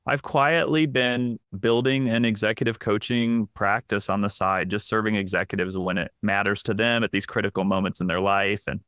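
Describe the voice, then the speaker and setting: A middle-aged man speaks as a guest on a business podcast, his voice sitting low. He talks candidly and reflectively, looping through fillers and restarts. The sound is close and dry. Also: fairly even intonation, moderate pace, few pauses, a bit bright, no echo. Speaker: executive coach. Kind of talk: casual podcast interview.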